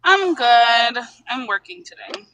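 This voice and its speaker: A woman chats casually, giggling often and cheering on her friend. Her pitch swings widely and brightly from word to word. She sounds supportive and easygoing throughout. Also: lively intonation, takes it slowly, rough recording. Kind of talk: casual chat.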